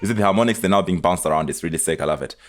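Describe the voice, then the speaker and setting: A man's voice: low-pitched, rapid-fire. A man, a music producer, casually explaining step by step how he built a beat, in a tutorial voice-over. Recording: music playing underneath.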